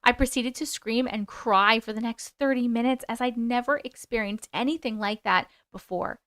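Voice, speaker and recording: A chatty woman hosting a livestream, with a voice pitched a little higher than most. She reads stories out and answers viewer comments as they come in. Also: normal speed, fairly bright tone. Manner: chatty, talks back to viewer comments, sings snatches of songs. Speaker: host reading viewer stories. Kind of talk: casual livestream chat and story reading.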